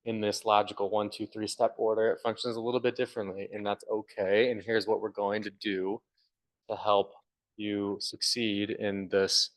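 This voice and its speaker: A man's voice: on the low side, little pitch movement, normal speed. A young man co-hosting a podcast, earnestly explaining his views with examples in casual talk. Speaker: podcast co-host. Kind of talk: casual conversation.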